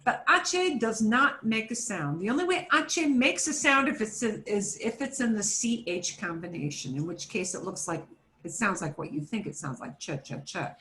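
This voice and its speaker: Patient woman teaching spanish over a video call, says words slowly for students to repeat. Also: mid-range voice, lively intonation, fairly bright tone, echoey room. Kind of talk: online language class.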